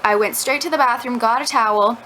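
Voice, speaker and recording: A woman's voice: a little high, a little fast, pushed and bright, slight background noise, low-quality recording. A young woman telling a rambling story to her camera at home, full of "like" fillers. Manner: chatty, rambling, lots of "like" fillers. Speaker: vlogger. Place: at home indoors. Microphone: camera mic.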